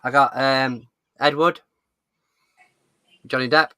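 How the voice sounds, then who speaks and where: A man chats casually with a bright, clear tone and a mid-range pitch. He drops teasing jokes into the banter. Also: fairly even intonation, takes it slowly, no echo. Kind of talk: casual chat.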